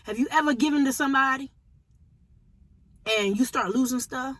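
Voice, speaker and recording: A woman's voice: sits high, normal speed, a bit bright, no room sound. A woman preaching informally to camera in a conversational, emphatic way, repeating phrases for emphasis. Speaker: prophetic teacher.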